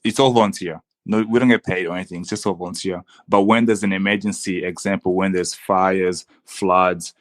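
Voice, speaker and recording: A man's voice: low-pitched, fairly even intonation, a little fast, few pauses. A young man, a podcast guest talking casually and earnestly, with many restarts. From Congo. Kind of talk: casual conversation.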